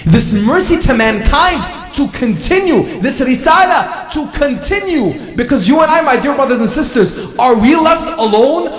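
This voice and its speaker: Guy giving a sermon, high animated voice, echoey big hall, kinda far from the mic. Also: moderate pace, hardly any pauses, faint music behind. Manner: rhetorical questions, repetition for emphasis. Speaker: religious speaker.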